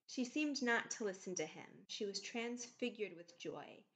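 A woman narrating a classic novel aloud in a measured, expressive reading. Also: mid-range voice, roomy sound. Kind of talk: audiobook reading. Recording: slightly muffled recording.

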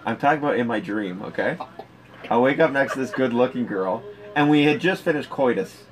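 A man's voice: mid-range voice, brisk. A man telling crude stories in casual comedic chat as a podcast co-host, laughing as he talks. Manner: crude, animated, laughs through his stories.

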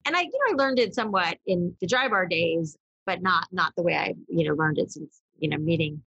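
A woman co-hosting a podcast speaks in a lower register with a husky edge. She rambles openly through fillers and the odd curse. Her voice comes over a dull, dry call line. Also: animated, a little fast, sharp tone, no room sound. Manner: rambling, filler-heavy, frank with swearing. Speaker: podcast co-host. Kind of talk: candid conversational chat.

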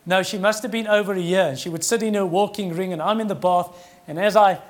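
A man's voice: sits high, fairly even intonation, fast. A middle-aged man preaching a sermon in an earnest, conversational way that rises in emphasis.

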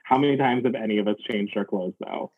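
A man co-hosting a casual chat, his voice husky and a bit rough. He is relaxed and wry, with lots of fillers. The recording sounds dull and lo-fi. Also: lowish voice, fast talker. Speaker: podcast co-host.

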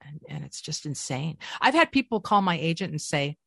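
A middle-aged woman, a voice actress, telling stories in a casual interview with an animated, swinging delivery. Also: normal speed, creaky, no echo, clean studio sound. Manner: animated storyteller with lively swings in pitch. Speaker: voice actress, guest.

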